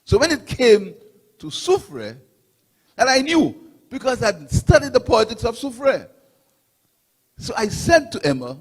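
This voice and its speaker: A man's voice: very high-pitched, huge pitch swings, unhurried, pauses often, breathy edge, in a large hall. A middle-aged man from Saint Lucia with a Saint Lucian accent, giving an impassioned rally speech as guest speaker with repetition and swings of emphasis. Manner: impassioned, repetitive oratory with rising and falling emphasis.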